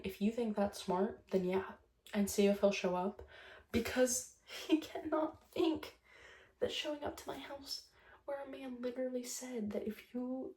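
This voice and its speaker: A woman's voice: fairly high pitch, darkish tone, roomy sound. A young woman vlogger telling a breakup story in a chatty, casual monologue, swearing often and retelling conversations line by line.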